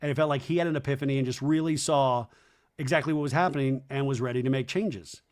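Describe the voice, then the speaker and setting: A man hosting a podcast, recapping a reality show in a chatty, animated way. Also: mid-range voice, fast talker. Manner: chatty and animated, lots of "like" and asides. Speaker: podcast host.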